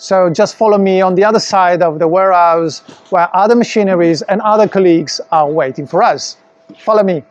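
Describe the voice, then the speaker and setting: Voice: mid-range voice, a little fast, muffled recording. Enthusiastic guide on a live product tour. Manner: enthusiastic, with frequent restarts and fillers. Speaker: company presenter. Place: large indoor warehouse workshop.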